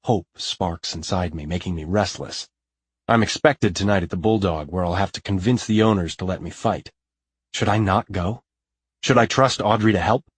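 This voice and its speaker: A man's voice: sits low, normal speed, slightly rough, dry recording. A man narrating a first-person romance audiobook in a brooding, intense way. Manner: brooding, intense, swings into anger.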